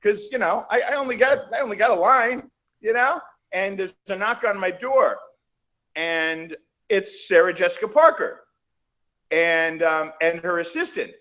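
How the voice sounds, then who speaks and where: A man being interviewed, telling animated show-business anecdotes in a casual, rambling way that trails off and restarts. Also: sits high, measured pace. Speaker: interview guest, actor. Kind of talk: casual storytelling in a shoot interview.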